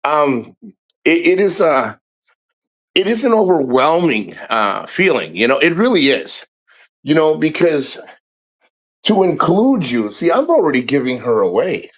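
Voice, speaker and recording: A man's voice: on the high side, very animated, measured pace, rough recording. A middle-aged man chatting casually in a vlog, rambling and retelling a conversation with his family. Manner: rambling, repeats himself, retells dialogue. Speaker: vlogger.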